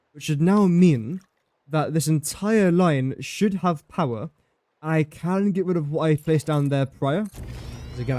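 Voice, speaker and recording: A man's voice: a little high, mellow, no echo. A young man livestreaming a building game, chatting casually and joking at his own expense while he talks to the pieces he places. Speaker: livestreaming gamer.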